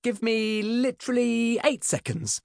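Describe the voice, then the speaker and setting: A man voicing a gentle, coaxing mother in an audiobook. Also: very high voice, unhurried, vocal fry, no echo, clean studio sound, pitched above the performer's own voice, exaggerated voice.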